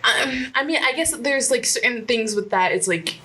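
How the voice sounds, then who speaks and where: A woman's voice: a little high, normal speed, sharp tone, breathy edge. A woman co-hosting a podcast, talking hesitantly with many fillers in casual chat. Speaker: podcast co-host.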